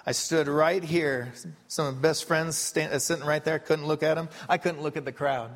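A man's voice: on the high side, moderate pace. A man preaching a sermon from a church stage, telling a story with a voice that swings up and down. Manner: animated storytelling, voice rising and falling. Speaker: pastor. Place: church sanctuary. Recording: long reverb of a hall.

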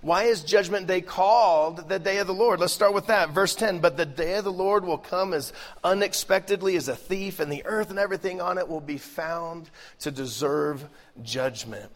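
A middle-aged male pastor preaching a lively, joking sermon, swinging between loud bursts and hushed asides. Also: high voice, normal speed. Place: large church hall. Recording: live sermon with long hall reverb.

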